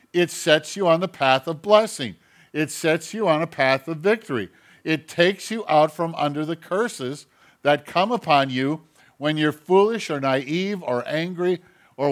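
A man preaching a sermon as pastor, moving between quiet conversational asides and louder emphatic lines. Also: fairly high pitch.

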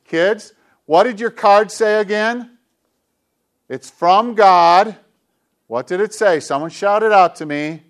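A middle-aged male pastor preaching a sermon with an emphatic, repetitive cadence, dropping at times into soft, hushed tones. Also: high-pitched, slow, long pauses. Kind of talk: sermon to a congregation with kids.

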